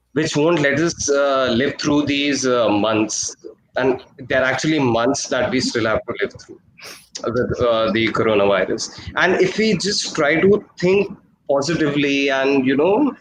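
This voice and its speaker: A man's voice: mid-range voice, a little hiss or hum, poor audio. Hesitant man on a video call. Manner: hesitant, many fillers and restarts. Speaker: guest actor-producer. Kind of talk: casual video-call interview.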